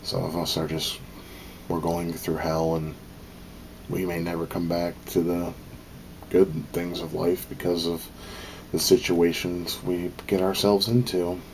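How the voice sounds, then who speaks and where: Very deep-voiced man rambling in a vlog. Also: level tone, measured pace, a little mellow, a little hiss or hum. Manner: rambling, frequent ums, profane venting. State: out of breath. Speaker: vlogger. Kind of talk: casual vlog monologue.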